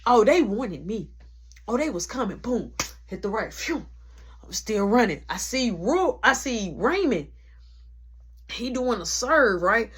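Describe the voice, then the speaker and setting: Young woman hyping up a storytime, slangy, throws in sound effects, high bouncy voice. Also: big pitch swings, measured pace, slightly rough. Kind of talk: casual storytime.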